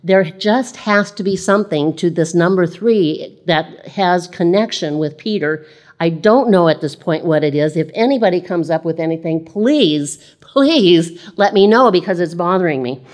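A woman's voice: lowish voice, lively intonation, normal speed, darkish tone. A woman preaching a sermon in a conversational way, reading scripture aloud and repeating phrases.

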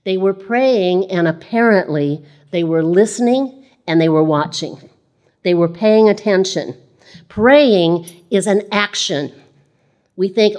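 A woman's voice: medium pitch, expressive, slow, darkish tone. A woman preaching a sermon in a conversational way, reading scripture aloud and repeating phrases.

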